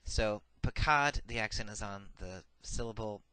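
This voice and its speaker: A man's voice: fairly low pitch, a bit bright, dry recording, low-quality recording. Methodical male lecturer reciting grammar forms. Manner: methodical, recites paradigms slowly, frequent "uh" fillers. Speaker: Hebrew grammar teacher. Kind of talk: recorded lecture.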